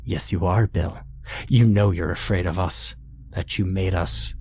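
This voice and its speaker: Man doing a playful killer clown woman, teasing menace, low and unhurried. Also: steady tone, darkish tone, slight background noise. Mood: gleeful menace. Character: sadistic playful female cannibal clown.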